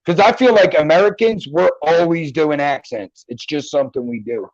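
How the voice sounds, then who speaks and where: A man's voice: a little high, moderate pace, dry recording, dull audio. A man with a Philadelphia accent hosting a casual, profane, joking chat show from home. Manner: jokey, profane, slips into mock accents. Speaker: podcast host. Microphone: computer mic.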